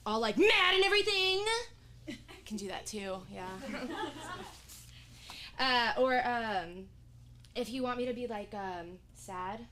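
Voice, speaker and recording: A woman's voice: a little high, lightly acted. A young actress performing a stage comedy monologue as a nervous, eager woman at an audition, rambling and giggly with lots of fillers. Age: young adult. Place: acting studio stage before an audience. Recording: noticeable background noise.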